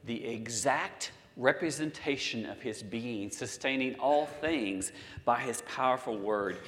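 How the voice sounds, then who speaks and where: A man in his sixties delivers a sermon, reading scripture aloud and pausing for effect. His voice sits at an ordinary pitch for a man. A long reverb trails after each phrase, as in a church hall. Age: 60s. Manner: preaching with dramatic pauses, quoting scripture. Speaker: pastor.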